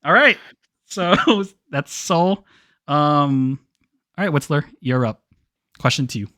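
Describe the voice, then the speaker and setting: Man, raised pitch, hosting a relaxed game club chat; joking, quick to laugh, dry mic. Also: no room sound. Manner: laughs often, joking, restarts words. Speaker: podcast host. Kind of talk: casual group discussion.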